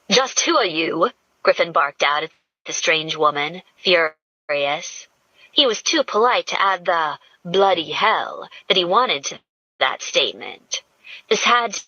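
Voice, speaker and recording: A woman audiobook narrator reads scripted narration slowly, her voice bright yet lowish. The recording is dry, dull and lo-fi.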